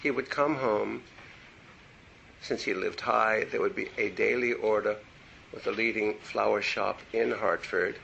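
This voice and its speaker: A man's voice: on the low side, unhurried, gravelly, bright, forceful tone, lo-fi sound, slight background noise. An older man giving a meandering university lecture on poetry, full of digressions and asides. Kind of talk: classroom lecture. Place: lecture room.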